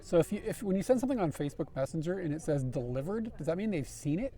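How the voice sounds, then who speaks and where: A man's voice: on the high side, animated, fast talker, mellow. A man hosting a livestream, chatting casually outdoors on a clip-on mic and laughing through rambling stories. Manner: laughs often, rambling anecdotes. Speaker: livestream host. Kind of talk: casual chat. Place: outdoors, riding scooters. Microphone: wireless clip-on microphone.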